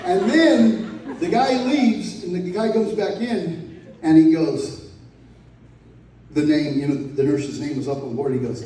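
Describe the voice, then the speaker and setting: A man's voice: on the high side, measured pace, long pauses, darkish tone, some chatter behind, a little hiss or hum. A man giving a rambling, laughing eulogy of stories, swearing now and then. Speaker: eulogy speaker. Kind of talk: casual storytelling eulogy. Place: large echoey room from afar. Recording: echoey hall, distant mic.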